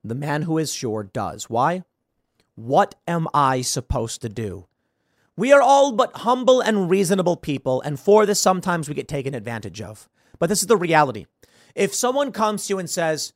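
An animated man rants through casual political commentary, his pitch leaping around and sitting a touch higher than usual. He is sarcastic and swings from loud bursts to mumbled asides, all in a dry, close-miked sound. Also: normal speed, no echo. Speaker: podcast host.

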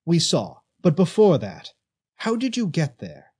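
A composed, self-assured lady speaks in a reassuring, measured way, with a lively rise and fall in her pitch. Her delivery is husky and unhurried, as a male storyteller puts her on. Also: exaggerated voice. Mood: calm, reassuring. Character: calm, composed woman of means.

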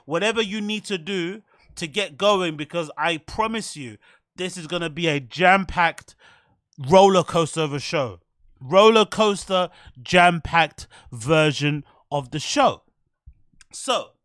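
Frantic rambling man, high voice. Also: fairly bright tone, no echo, clean studio sound. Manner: rambling, frantic, talks without pausing for breath. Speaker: podcast host. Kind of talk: solo podcast monologue.

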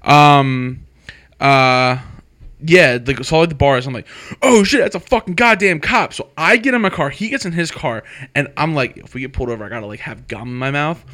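A young man telling a story in casual chat, animated and full of swearing. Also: a little high, moderate pace.

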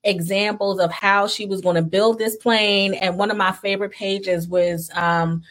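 A woman's voice: medium pitch, fairly even intonation, normal speed, a bit bright. A woman hosting an interview, chatting with enthusiasm, often laughing and using fillers. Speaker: host. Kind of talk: casual interview chat.

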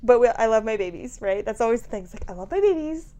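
A woman in her thirties, mother to babies, tells a candid story in casual conversation, speaking quickly in a slightly high voice. She laughs a lot, swears frankly and acts out quotes as she animatedly tells it.

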